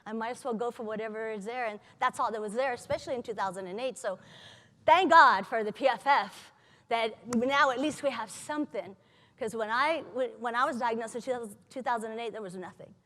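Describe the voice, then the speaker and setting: A woman telling her own story to a live audience, lively, humorous and candid. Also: on the high side, fairly quick, big-room sound. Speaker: patient advocate speaker. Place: large conference hall.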